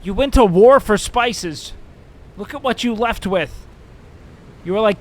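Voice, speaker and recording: A man's voice: high-pitched, unhurried, pauses often. A man streaming a game and chatting casually, joking and sarcastic, swearing freely. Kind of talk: casual gaming stream chat.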